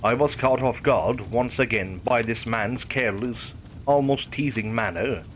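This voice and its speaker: A man reading a first-person horror story aloud, in a measured storytelling manner. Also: mid-range voice, a little hiss or hum. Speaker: narrator. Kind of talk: scripted horror story narration.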